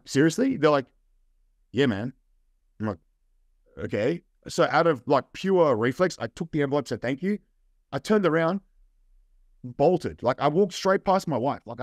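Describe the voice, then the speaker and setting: A man's voice: a little high, dry recording, studio quality. Chatty Australian man telling stories. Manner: animated anecdotes with "right?" and "I'm like". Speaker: interview guest. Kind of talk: casual storytelling.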